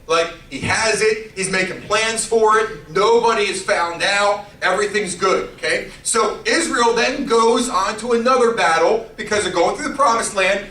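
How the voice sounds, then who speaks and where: A man giving a youth sermon, telling a story in an animated, playful way with character voices. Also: high voice, roomy sound, distant mic, rough recording. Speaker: youth pastor.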